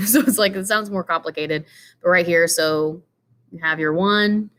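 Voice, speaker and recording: A woman's voice: fairly low pitch, moderate pace, a bit bright, a little hiss or hum. A woman giving an informal lesson, walking through slides with many fillers and asides. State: tired, yawning. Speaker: teacher. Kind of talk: casual explanatory lecture.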